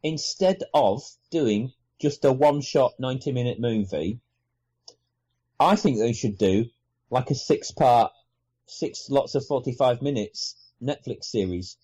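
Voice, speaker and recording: A man's voice: medium pitch, measured pace, dark tone, husky. A man from Yorkshire with a Yorkshire accent, a podcast guest in casual chat who laughs often and adds thoughtful asides.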